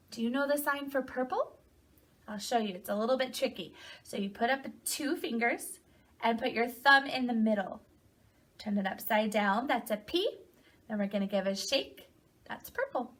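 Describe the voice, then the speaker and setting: A woman preschool teacher speaks to young children with slow, patient pacing. Her voice is bright and a little high, and her pitch swings widely in a lively sing-song. She encourages them along. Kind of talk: children's story reading and lesson.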